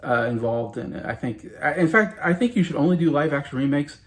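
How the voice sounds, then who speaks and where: A man's voice: on the high side, expressive, a little fast. A man around forty giving a casual movie review, rambling and hedging with frequent restarts.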